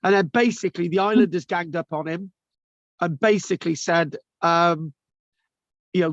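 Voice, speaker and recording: A man whose voice sits high lectures an online class at a moderate pace, with fairly even intonation and long pauses. He's informal and chatty, restarting and using tag questions, and the recording is dull, lo-fi, and dry.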